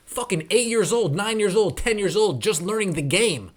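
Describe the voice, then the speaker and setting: A podcast host from the New York tri-state area rants about a basketball coach, full of sarcasm and profanity. His voice is high with lively intonation, a little fast, with few pauses.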